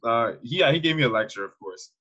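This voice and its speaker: A Canadian fitness coach in his twenties tells stories as a guest in a casual interview, slangy and animated, laughing often. He talks fast in a mid-range voice, and the audio sounds dull.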